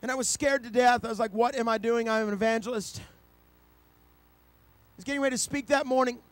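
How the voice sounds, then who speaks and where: A man preaching an impassioned sermon, swinging from quiet storytelling to shouted, excited passages. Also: very high voice, fast talker, no echo.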